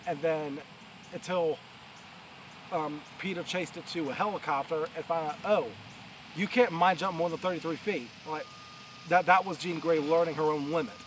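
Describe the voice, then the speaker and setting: This New York-accented man, a vlogger, talks through a loose outdoor review, stumbling over fillers and starting sentences again. His voice runs a little high, his tone stays steady, and he keeps a moderate pace while loud machinery and traffic rumble in the distance.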